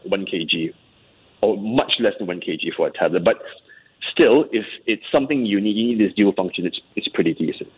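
Man, lowish husky voice, chatty tech commentator, heard over a phone line. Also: a little fast. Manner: chatty, explanatory. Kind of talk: conversational tech chat on air. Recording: tinny phone-line sound.

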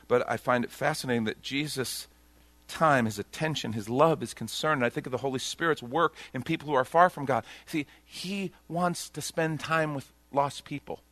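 Man preaching a sermon, bright and animated. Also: mid-range voice, normal speed, dry recording. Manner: conversational preaching, self-mocking humor, swings between hushed and loud. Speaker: pastor.

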